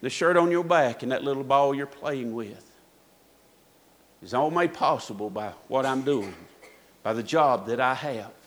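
A man's voice: mid-range voice, a little slow, slight background noise, pitched below the performer's own voice, close to an everyday voice. A man voicing a stern, grieving country father who turns desperate and pleading. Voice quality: emotional, pleading. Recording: echoey hall reverb.

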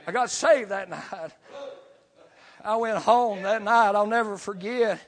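A man, preaching a revival sermon. He tells his testimony in short rhythmic bursts, tagging almost every phrase with "amen". He climbs to full shouts and then drops to hushed, low lines. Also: measured pace. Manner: swings from shouting to near whisper.

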